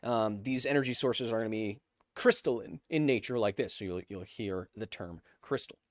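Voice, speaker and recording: A man's voice: fairly low pitch, moderate pace, no room sound, studio quality. A man hosting a live stream, reading chat messages aloud with jokes and tangents while explaining science casually.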